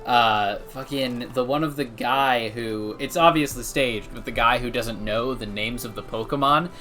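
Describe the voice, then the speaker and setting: Young man, casual gaming chat, mid-pitched, dry, relaxed, faint music. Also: measured pace. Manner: laid-back, dry, swears casually. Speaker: co-host, gamer.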